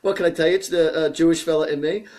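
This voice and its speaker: A man hosting a live stream, answering viewer questions in a chatty, rambling, joking way that grows animated as he gets excited. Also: fairly high pitch, racing. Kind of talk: casual live-stream talk.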